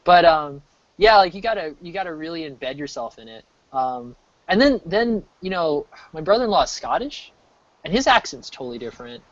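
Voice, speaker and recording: An American man in his thirties chatting casually while he streams, rambling, restarting sentences and getting animated. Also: fairly high pitch, moderate pace, dry recording. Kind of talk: casual chat. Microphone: desk mic. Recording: dull lo-fi mic.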